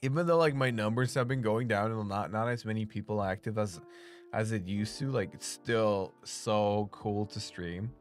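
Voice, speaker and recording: With a medium-pitched voice at normal speed, a streamer draws live and chats casually with the audience. They laugh a lot, curse freely, and keep filling gaps with "like," while faint music plays behind.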